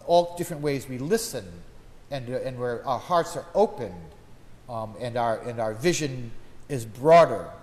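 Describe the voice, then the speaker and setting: Priest giving a folksy sermon. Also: male voice, medium pitch, darkish tone. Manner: conversational, folksy storytelling. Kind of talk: informal sermon. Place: church. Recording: long church reverb, faint background hum.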